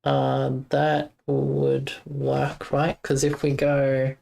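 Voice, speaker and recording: A young streamer rambles through code on a casual live game-dev stream, thinking aloud and breaking off to chat with viewers. The unscripted talk comes in a flat, even, mid-range voice with gravelly fry and drawn-out words.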